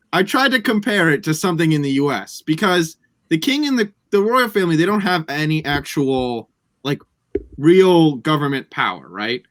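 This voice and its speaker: Give me a lively male podcast host, recorded dry and up close. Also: a little high, no room sound. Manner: lively, posing questions to the panel. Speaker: podcast host leading segments. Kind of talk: casual chat.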